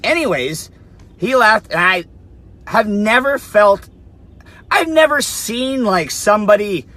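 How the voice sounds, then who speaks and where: A man's voice: a little high, a bit bright. A young man telling a story to camera in a casual, blunt way, swearing a lot and saying "like" often. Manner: blunt, heavy swearing, lots of "like". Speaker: fitness influencer.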